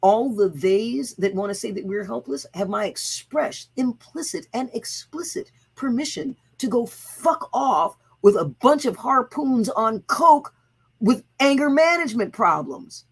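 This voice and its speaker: Husky, blunt-talking woman ranting on a livestream. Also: on the high side, expressive, measured pace, low-quality recording. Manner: blunt, profane, emphatic with chanted repetition. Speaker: host of own channel. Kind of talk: livestreamed motivational rant.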